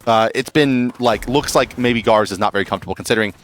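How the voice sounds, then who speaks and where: A man calling play-by-play for an esports match, quick and excited as the action unfolds. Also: lowish voice, a little hiss or hum. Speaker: esports caster. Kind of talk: play-by-play commentary.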